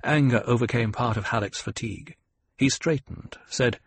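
Male audiobook reader, steady and measured, husky tone, dry close sound. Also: medium pitch, no echo. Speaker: audiobook narrator. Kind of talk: scripted narration.

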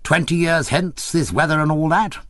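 A man's voice: on the high side, normal speed, a bit bright, no room sound, clean studio sound, voice pushed up, lightly acted. A man voicing a half-drunken, educated man of about fifty with a posh, quavering, slurred way of speaking. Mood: maudlin.

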